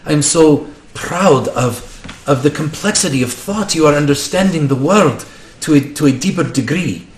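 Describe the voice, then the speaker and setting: A man voicing a proud, soft-spoken woman professor. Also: on the high side, animated, normal speed, lightly acted. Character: admiring female professor, proud mentor. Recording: roomy room with faint noise.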